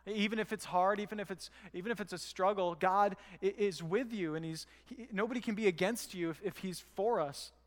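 Man, pastor, sermon, conversational, rhetorical questions, high voice, long church reverb. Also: fairly quick, few pauses. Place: church hall.

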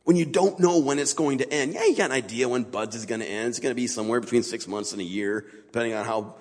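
A man with a slightly husky, breathy voice preaches informally to a church congregation, loose and conversational rather than polished. His voice carries a long reverb that rings through the large sanctuary. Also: mid-range voice, quick pace, a little mellow. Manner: casual, conversational, plain-spoken. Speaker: guest speaker at a church. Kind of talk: informal sermon.

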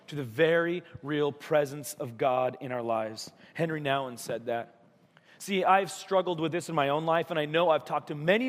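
Man preaching a sermon, conversational pastor, slightly high voice, long church-hall reverb. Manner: conversational, acts out voices in stories.

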